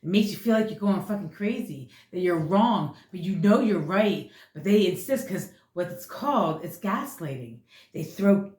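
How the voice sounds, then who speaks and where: A woman's voice: lowish voice, lively intonation, normal speed, a little mellow. A woman giving a casual tarot reading, talking bluntly and with a lot of swearing as she rambles. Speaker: tarot reader. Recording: echoey room.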